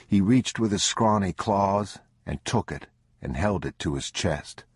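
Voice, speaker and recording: Male audiobook narrator, very low voice, husky, unhurried, dry close sound. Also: lively intonation, dry recording. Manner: low measured grim delivery. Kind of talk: scripted narration.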